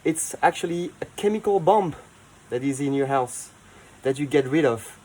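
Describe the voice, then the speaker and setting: A man with a French accent, hosting a casual how-to video, chatty and enthusiastic, with soft asides now and then. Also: on the high side, expressive, moderate pace, rough recording. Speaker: eco-cleaning video host.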